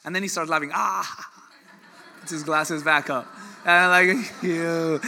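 A man preaching a sermon in an animated, joking way, with sudden loud bursts. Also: fairly high pitch, unhurried, gravelly, a little hiss or hum. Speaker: pastor.

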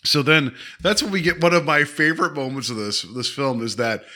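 A man co-hosting a podcast, recapping a movie in a rambling, animated way. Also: on the high side, brisk. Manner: rambling, animated, acts out scenes in character voices. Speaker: podcast co-host. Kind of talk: casual movie-review chat.

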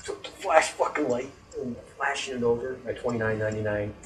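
A man's voice: mid-range voice, a little fast, roomy sound, recorded from a distance, a little hiss or hum, rough recording. A man telling a story in casual chat, rambling and swearing, getting worked up when annoyed.

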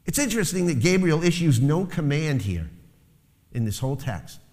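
A man's voice: a little high, big pitch swings, moderate pace, darkish tone. Preaching man in an echoing sanctuary. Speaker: pastor. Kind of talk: sermon. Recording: long hall reverb.

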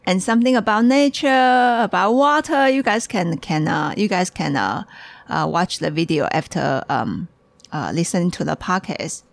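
A woman's voice: fairly low pitch, expressive, normal speed, vocal fry, no echo. A woman hosting a casual podcast, talking in a hurry and restarting her sentences as she gets ahead of herself. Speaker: podcast host and tea shop owner.

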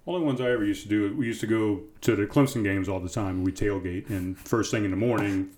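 A man speaks in a low, relaxed voice. He hosts a podcast and chats casually in an easygoing, matter-of-fact way. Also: quick pace, a little hiss or hum. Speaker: podcast host. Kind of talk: casual chat.

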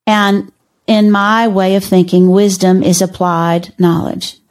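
An older woman, a guest on a podcast, telling stories in a measured, wry way. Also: medium pitch, little pitch movement. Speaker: podcast guest, teacher and author. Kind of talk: conversational storytelling.

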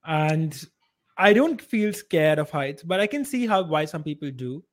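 A man co-hosting a podcast, talking in a relaxed, conversational way and swearing casually. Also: on the high side, a little slow. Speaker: podcast co-host.

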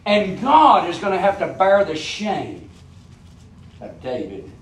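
A man preaching a sermon with fervor, asking his listeners question after question and swinging from loud, high peaks down to low, quiet asides. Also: huge pitch swings, slow pace, a little hiss or hum. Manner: fervent, rises to high shouting peaks then drops low; asks the congregation rhetorical questions.

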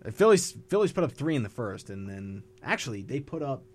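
A man's voice: medium pitch, big pitch swings, a little fast, a little mellow, husky. A young man co-hosting a college radio sports show, casually reading out game scores and stats. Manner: reads out stats, casual and amused. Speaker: co-host.

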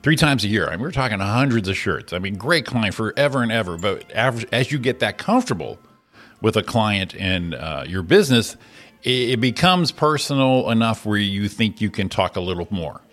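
A man's voice: fairly low pitch, animated, brisk, fairly bright tone. A man co-hosting a morning talk show, telling stories in casual chat and acting out the quotes. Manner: storytelling, acts out quotes. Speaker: co-host.

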